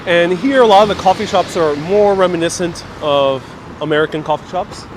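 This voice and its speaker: Street noise and traffic surround a travel vlogger live-streaming on the phone he carries while walking a city. He talks casually, thinks out loud and reads viewer comments in a high-pitched voice that runs a little fast.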